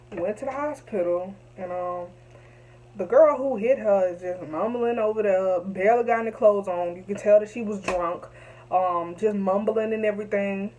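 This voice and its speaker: A woman's voice: medium pitch, measured pace, a little mellow, slight background noise, low-quality recording. A young woman telling a story to camera, emphatic and repetitive, heated at times. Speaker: vlogger.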